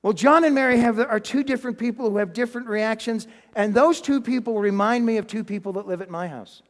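High-voiced preacher in an echoing church. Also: male voice, brisk. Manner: animated storytelling, drops to a near-whisper for emphasis; chuckles and restarts sentences. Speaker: pastor. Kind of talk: sermon. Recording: long hall reverb.

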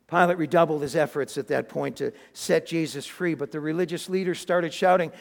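A man with a fairly high voice delivers a sermon in a church, telling the story dramatically and restarting phrases as he goes. His voice rings with the long reverb of a large hall. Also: steady tone, a little fast, creaky, few pauses. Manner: dramatic storytelling with acted quotes, frequent restarts. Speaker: pastor. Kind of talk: sermon retelling a Bible story.

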